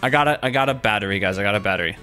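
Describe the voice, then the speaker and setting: A man's voice: fairly low pitch, soft background music. A man chatting casually while playing a game with friends, teasing and directing them and laughing easily. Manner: bossy, teasing, excitable, quick to laugh. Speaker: gaming YouTuber. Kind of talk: casual gameplay chat with friends.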